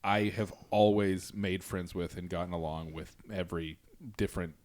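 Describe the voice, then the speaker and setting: A man in his forties hosting a casual comedy podcast, rambling with halting restarts. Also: low-pitched, fairly even intonation. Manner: rambling, halting restarts, loud bursts when quoting. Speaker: podcast host.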